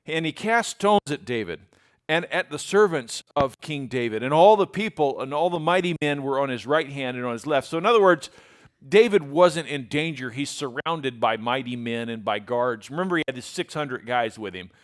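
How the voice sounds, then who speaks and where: A man's voice: medium pitch, animated, moderate pace. A man giving a conversational Bible lesson. He retells scripture in a folksy, everyday way and reads old-style verses aloud. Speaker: Bible teacher.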